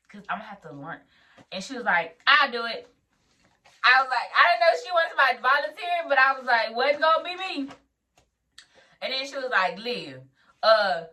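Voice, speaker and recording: A young woman vlogger, a new nurse, telling a story in a casual, animated way, acting out what people said and laughing often. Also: on the high side, distant mic. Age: young adult.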